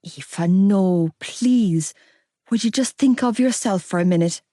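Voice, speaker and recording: A worried middle-aged father from an audiobook, torn and pleading, his tone soft and mellow, as a woman reads him. The reading is close and dry, with no room around it. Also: medium pitch, slow pace, no room sound.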